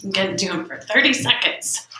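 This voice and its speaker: A woman's voice: medium pitch, lively intonation, fairly quick, bright, forceful tone, a little hiss or hum. A woman teaching a lesson to young children, patient and step by step, asking them questions. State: out of breath after exercise. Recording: echoey room.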